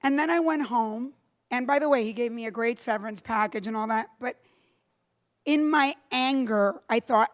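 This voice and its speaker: A middle-aged woman giving a storytelling talk to a live audience, animated, acting out the voices she quotes and slipping in Spanish phrases. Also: fairly high pitch, moderate pace. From Cuba. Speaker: keynote speaker. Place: lecture room with a live audience.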